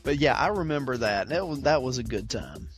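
A man hosting a gaming podcast at a middle pitch, reading out a listener's tale and joking with his co-host. Soft music plays faintly behind him. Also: animated, fairly quick. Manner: reads a listener's story aloud, then chats with laughing asides. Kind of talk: casual gaming podcast chat.

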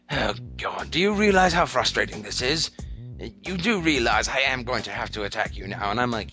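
A man's voice: medium pitch, big pitch swings, a little fast, sharp tone, soft background music. A man hosting a podcast segment, telling a comic gaming story and acting out the characters in a self-mocking way.

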